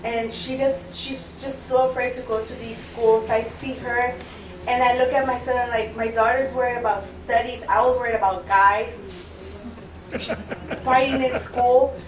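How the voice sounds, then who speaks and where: A woman's voice: on the high side, fairly even intonation, normal speed. A woman in her thirties, a mother from Richmond, California, speaking at a public meeting in a heartfelt, pleading way. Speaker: parent giving public comment. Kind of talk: emotional public testimony. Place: public board meeting room. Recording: echoey meeting room from far off.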